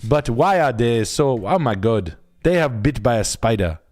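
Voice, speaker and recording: A man voicing an exasperated male Nigerian schoolteacher with a Nigerian accent, drawing out slow exclamations. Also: medium pitch, lively intonation, a little mellow, natural voice.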